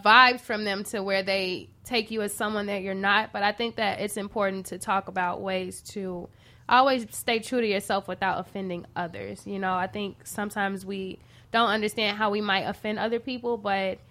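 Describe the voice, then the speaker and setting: A woman hosts a casual radio-style talk show, with a middle-pitched voice. She is chatty and relaxed, often stopping on "um" as she steers the talk toward the next topic. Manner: chatty, with frequent "um" pauses.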